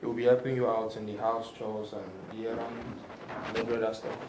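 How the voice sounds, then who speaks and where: A man's voice: fairly low pitch, flat delivery, fast, background noise, lightly acted. A man playing a firm husband, echoey. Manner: firm, formal, laying down rules. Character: firm young husband, master of the house. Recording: echoey room.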